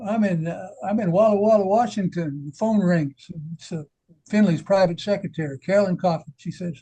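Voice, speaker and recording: An older man with a high, husky voice tells an animated old baseball story and laughs along with it. His voice has a rough edge, and he talks loosely among old friends. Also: brisk, poor audio. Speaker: former minor league manager. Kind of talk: casual storytelling chat.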